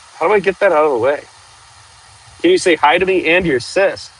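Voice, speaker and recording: A man hosting a casual outdoor livestream, chatting and joking with viewers while clearing trees with a machine. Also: on the high side, brisk, fairly bright tone, rough recording. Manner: chatty, jokey, talks to viewers while working. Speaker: livestream host.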